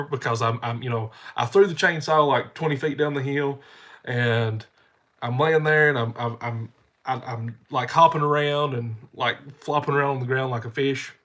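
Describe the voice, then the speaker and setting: A stuffy-nosed channel host chats casually to his camera, wandering through folksy stories and repeating himself. His mid-range voice holds a steady tone at a moderate pace, with a slightly bright quality.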